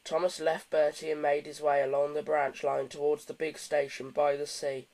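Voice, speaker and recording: A man narrating a children's storybook audiobook in a steady, gentle storytelling manner. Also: on the high side, moderate pace, low-quality recording.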